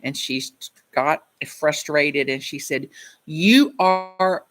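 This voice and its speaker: A woman's voice: very deep voice, little pitch movement, slow, a bit bright, soft background music. A woman minister giving a reflective sermon, telling personal stories in a conversational way.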